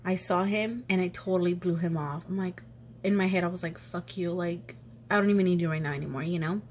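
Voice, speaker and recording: A young woman vlogger telling a personal story in casual chat, sniffly and sneezing from allergies, animated and full of quoted back-and-forth. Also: fairly low pitch, a little fast, a little hiss or hum. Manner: chatty, animated retelling with quoted voices.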